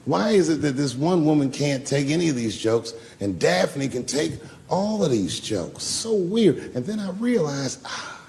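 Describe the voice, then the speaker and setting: A man's voice: on the high side, animated, unhurried, hardly any pauses, darkish tone. A man performing a stand-up set in a small comedy club, telling stories in a profane, loose way. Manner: profane storytelling, gravelly.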